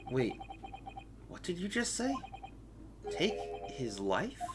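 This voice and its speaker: A man's voice: on the high side, huge pitch swings, takes it slowly, noisy background, voice pushed up, exaggerated voice. A man voicing a confused young protagonist in a game, who speaks in a hesitant, breathless way. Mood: bewildered. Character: bewildered young male protagonist.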